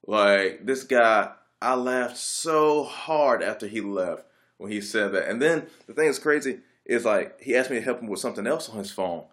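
A man's voice: lowish voice, animated, moderate pace, a bit bright. A young adult man telling a casual story in a rambling, laid-back way, with lots of filler words. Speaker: vlogger.

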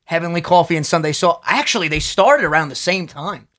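A young man co-hosting a casual podcast, excitable and swearing a lot, jittery from coffee. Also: on the high side, brisk. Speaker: podcast co-host.

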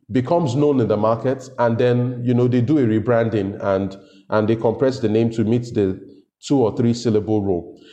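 A man's voice: medium pitch, mellow, echoey room. A man hosting a solo business podcast, talking unscripted and often repeating words as he thinks. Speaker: podcast host.

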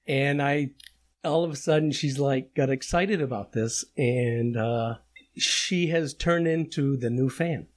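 A man hosting a casual podcast chat, talking with emotion and restarting his sentences often. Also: medium pitch. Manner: emotional, halting, many restarts. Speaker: podcast host.

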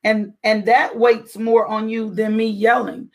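A middle-aged woman with a fairly high voice and a gravelly edge talks through faith-based parenting. She is earnest and a little preachy. She keeps asking rhetorical questions. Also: little pitch movement, measured pace, a little mellow.

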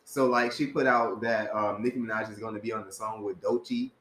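A man's voice: lowish voice, steady tone, brisk, a bit bright. A man co-hosting a podcast, trading celebrity gossip in a laid-back, slangy way and laughing often. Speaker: podcast co-host. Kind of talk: casual gossip chat. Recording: echoey room with faint hiss.

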